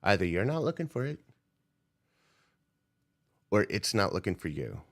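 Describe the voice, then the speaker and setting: A man's voice: on the low side, big pitch swings, normal speed. Profane ranting male trading streamer. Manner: profane, confrontational, ranting at viewers. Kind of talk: unscripted livestream rant.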